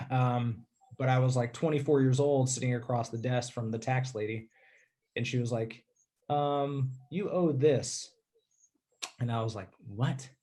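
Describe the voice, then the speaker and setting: A man telling a personal story in a casual interview, candid and rambling, often clearing his throat and saying "dude". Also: medium pitch, fairly even intonation, unhurried, darkish tone.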